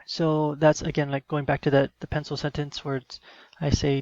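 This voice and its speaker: A man's voice: fairly high pitch, level tone, brisk, gravelly, darkish tone, dry recording, lo-fi sound. A man giving a recorded teaching demo, explaining in an instructional way with some fillers.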